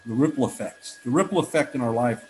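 A man's voice: mid-range voice, animated, fast talker, warm tone, rough recording. A middle-aged man with a mid-range voice speaks at a recovery meeting. He tells his story earnestly and from the heart, often restarting his sentences. A faint hiss of noise sits behind him. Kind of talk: personal testimony talk.

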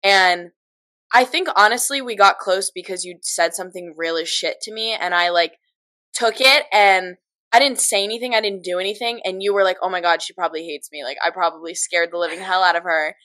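A woman's voice: lowish voice, a little fast, pushed and bright. A woman in her twenties co-hosting a podcast, talking candidly with lots of filler words. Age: 20s. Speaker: podcast co-host. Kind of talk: casual chat.

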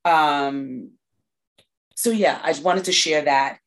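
A New York woman speaks slowly in a low voice as a guest in a casual interview. She sounds reflective, often restarting her sentences and using lots of fillers.

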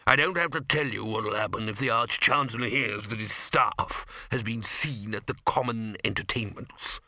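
A man's voice: lowish voice, moderate pace, bright, forceful tone, dry recording. A man doing a dry, weary old wizard. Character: weary, exasperated senior male wizard.

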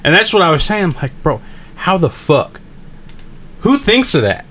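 A man co-hosting a podcast in casual, profane chat, talking with animated frustration. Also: sits high, unhurried, slight background noise. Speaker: podcast co-host.

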